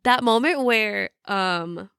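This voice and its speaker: A woman co-hosting a podcast, chatting casually about a book and retelling scenes with lively quoted dialogue. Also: medium pitch, takes it slowly, gravelly, clear, resonant tone, no echo, studio quality. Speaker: podcast co-host.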